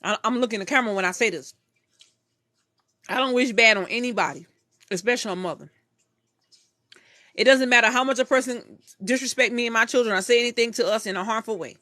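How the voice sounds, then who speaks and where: A woman's voice: a little high, fast talker, no echo, clean studio sound. Impassioned young woman vlogging to camera. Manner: impassioned, blunt and profane, swinging from loud outbursts to quiet mumbles. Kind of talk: emotional live vlog to camera.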